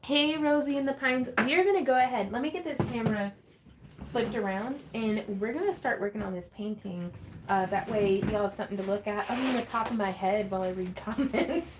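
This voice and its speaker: A woman's voice: on the high side, fairly quick, noisy background. A woman hosting a casual crafting livestream from her home craft space, chatting in a bubbly, giggly way and reading viewer comments aloud.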